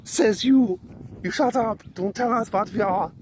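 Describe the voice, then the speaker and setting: A man's voice: sits high, a little slow, background noise, voice pushed up. A man doing a huffy Finnish viewer. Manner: huffy, protesting. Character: indignant Finnish male viewer.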